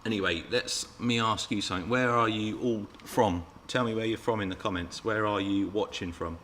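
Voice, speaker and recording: This man, who hosts an RC car channel, runs a live Q&A stream, chatting with viewers, reading their comments aloud, and teasing them playfully. His voice is lowish and fairly bright, with fairly even intonation at normal speed. There's slight background noise.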